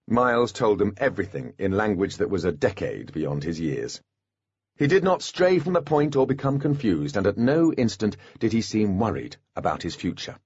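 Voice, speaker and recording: A man narrating an audiobook in a scripted, expressive storytelling manner. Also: on the low side, normal speed, slightly rough, no echo, muffled recording.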